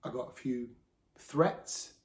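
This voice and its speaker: A man's voice: medium pitch, slow, roomy sound. A man hosting a podcast, talking openly and casually about himself, slipping into quoted voices. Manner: chatty, open, with quoted voices and laughs. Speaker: podcast host. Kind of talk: candid solo talk.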